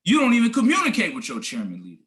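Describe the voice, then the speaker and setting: A man's voice: high voice, wildly swooping pitch, fast, a bit bright. A man giving a motivational talk on a group call as a team leader, emphatic and preachy, talking slangy and calling listeners guys and family.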